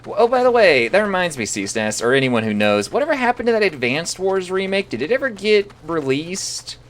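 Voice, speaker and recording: A man's voice: high voice, big pitch swings, brisk, fairly bright tone. A young man talking casually on a live stream, rambling and swearing freely.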